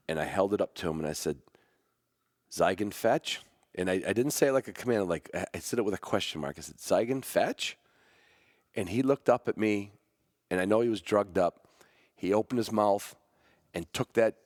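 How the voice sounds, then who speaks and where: A man with a low, deep voice tells a personal story about his dog on a podcast. He rambles and restarts, and his voice lifts when he is moved. The sound is dry and close. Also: darkish tone, dry recording. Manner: rambling, halting, with many restarts and fillers. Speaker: podcast host; hunting dog trainer.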